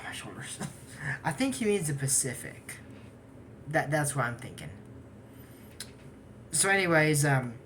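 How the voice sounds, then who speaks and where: A woman's voice: low-pitched, fairly bright tone, a little hiss or hum. A woman casually recapping a cartoon episode, rambling off on tangents and giggling often. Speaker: anime episode reviewer.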